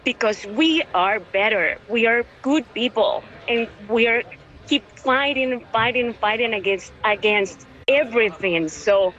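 A woman's voice: fairly high pitch, a bit bright, dull audio. A woman, calling into an interview, tearful and overwhelmed, stumbling over repeated words. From Venezuela. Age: 30s. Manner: halting, many restarts and repeated words. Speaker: caller, local witness. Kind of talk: emotional phone interview.

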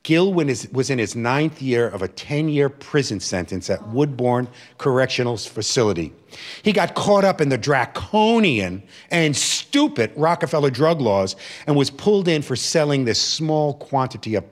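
Animated man telling a personal story. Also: mid-range voice, a little slow. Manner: animated, acting out quoted voices.

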